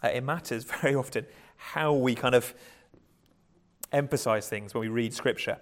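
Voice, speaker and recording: A man's voice: medium pitch, moderate pace. A man preaching a conversational sermon, often restarting words and chuckling lightly.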